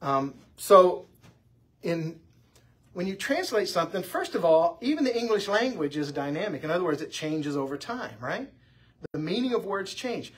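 Husky-voiced man teaching a church class. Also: fairly high pitch, moderate pace. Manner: conversational, anecdotal, lively delivery. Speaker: Bible teacher.

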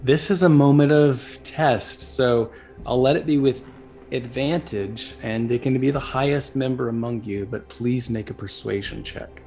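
A man's voice: medium pitch, a little slow, darkish tone. Male game master, descriptive narrator, faint score under. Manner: descriptive storytelling with character asides. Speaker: dungeon master. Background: faint background music.

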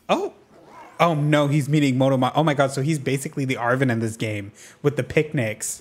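A man talks through a video game in a running commentary, easily thrilled and quick to gasp. His delivery is campy and sassy, with playful asides. His speaking voice sits at a middle pitch between sudden excited leaps. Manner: excitable and gushing, with gasps and sudden pitch jumps. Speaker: gaming video creator. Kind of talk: gameplay commentary.

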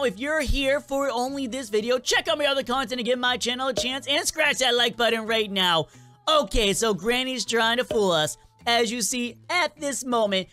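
A gaming channel host doing playful, animated let's-play commentary, joking with viewers and game characters. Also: medium pitch.

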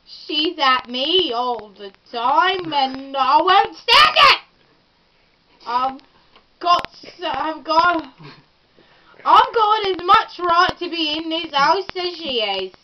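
A tipsy woman voicing a fed-up, quarrelsome Cockney woman, complaining loudly in a Cockney accent. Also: very high-pitched, expressive, slow, highs cut off, slight background noise, exaggerated voice. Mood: indignant. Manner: loud, exasperated complaining.

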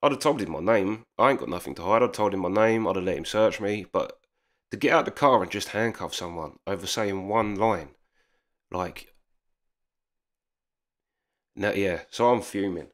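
A man's voice: fairly low pitch, normal speed, long pauses. A man telling a heated personal story in casual speech, swearing often and acting out the dialogue. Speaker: storyteller vlogger.

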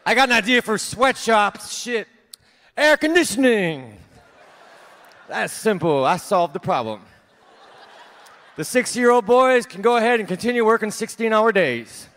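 A man in his thirties doing a stand-up set on a theater stage, delivering deadpan one-liners that trail off into small laughs at himself. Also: high voice, unhurried, pauses often. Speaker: stand-up comedian. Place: large theater stage, live audience.

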